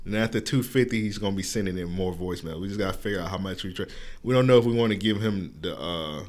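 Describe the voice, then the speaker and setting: A man's voice: deep voice, quick pace, darkish tone. A man co-hosting a podcast in casual chat, joking around and laughing often. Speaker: podcast co-host.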